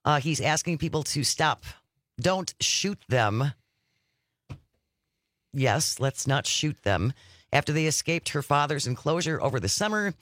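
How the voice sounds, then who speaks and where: A man's voice: on the high side, expressive, unhurried, long pauses, a bit bright, no echo. A man co-hosting a casual radio talk show from a studio, reading headlines with dry jokes.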